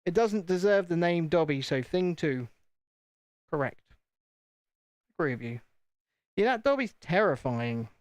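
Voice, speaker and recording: A chatty British man with a slightly higher voice, talking casually to his viewers and mocking himself as he works. The sound is dry and close, with no room around it. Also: expressive, measured pace, long pauses, no room sound. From United Kingdom. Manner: chatty, self-deprecating, talks to himself. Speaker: streamer. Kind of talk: casual chat while building.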